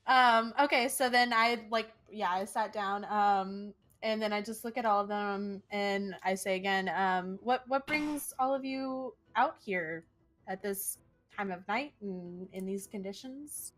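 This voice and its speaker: A woman's voice: medium pitch, unhurried, fairly bright tone, faint music behind. A woman playing a tabletop game, speaking in a hesitant, polite way with lots of fillers.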